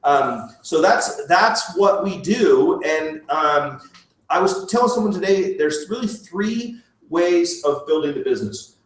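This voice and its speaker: A middle-aged man joking his way through a talk to a group, full of fillers and quick self-mocking asides. His voice sits fairly high and is caught from across a big echoing room, well away from the mic. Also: lively intonation. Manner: chatty, self-mocking, laughs often, lots of fillers. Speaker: presenter at a business opportunity meeting. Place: meeting room. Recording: echoey room, voice far from the mic.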